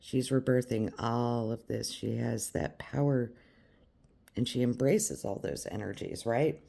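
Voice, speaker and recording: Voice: medium pitch, steady tone, measured pace, vocal fry, dark tone. A tarot reader giving a reading straight to the viewer, emphatic and repetitive. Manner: emphatic and repetitive, speaking directly to the listener.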